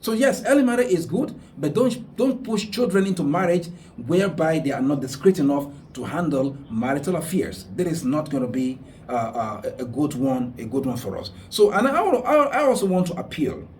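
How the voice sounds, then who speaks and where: A man's voice: on the high side, sing-song, moderate pace, few pauses, darkish tone, distant mic, a little hiss or hum. A man hosting a radio talk show and giving earnest religious advice, repeating his points for emphasis. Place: radio studio.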